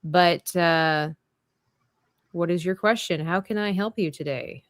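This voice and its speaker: Casually chatting while she draws on a live stream, a woman muses aloud in a playful way. She speaks unhurriedly in a fairly low voice, captured as a dry recording with clean studio sound.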